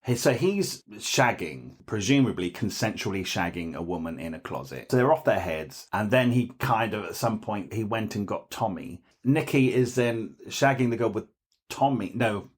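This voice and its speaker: A man's voice: lowish voice, animated, normal speed, husky. A man co-hosting a podcast, retelling stories from a book in a blunt, indignant way. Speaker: podcast co-host. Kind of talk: casual book discussion.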